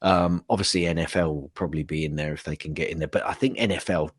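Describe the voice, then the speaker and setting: A man's voice: a bass voice, fairly even intonation, quick pace, slightly rough, dry recording, clean studio sound. A man from the UK co-hosting a casual tech podcast, chatty and playful, often laughing at what he reads out. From United Kingdom. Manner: chatty and playful, laughs at his own reading. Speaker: podcast co-host.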